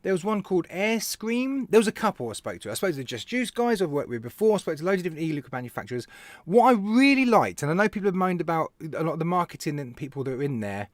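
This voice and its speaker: A man with a British accent hosting a casual live stream, telling stories in an animated way, laughing and talking to viewers by name. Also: a little high, quick pace, no echo, clean studio sound. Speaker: live show host, vape reviewer.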